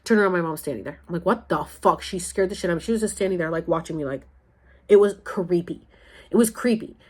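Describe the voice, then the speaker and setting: A woman's voice: on the low side, fast talker, darkish tone. A young adult woman vlogging, speaking candidly and emotionally to her mother about her past, blunt and sometimes swearing. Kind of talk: personal storytelling, addressing her mother.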